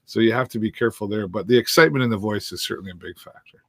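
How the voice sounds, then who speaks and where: A man's voice: lowish voice, very fast, fairly bright tone, no room sound, studio quality. A man hosting a live stream, chatting casually with a lot of fillers and restarts. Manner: rambling, many fillers and restarts. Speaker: live-stream host and sports commentator. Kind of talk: casual chat.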